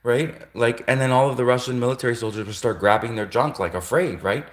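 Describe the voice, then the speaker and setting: Talking fast at medium pitch, a man hosts a casual livestream and rants from an echoey room. He meanders, says things more than once, restarts frequently, and chuckles throughout.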